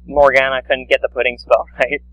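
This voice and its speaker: Guy co-hosting a podcast, mid-pitched voice, rambly and jokey. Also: fairly quick, no echo, low-quality recording. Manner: animated, rambling with fillers, mocking. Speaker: podcast co-host. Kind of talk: casual chat reviewing a cartoon.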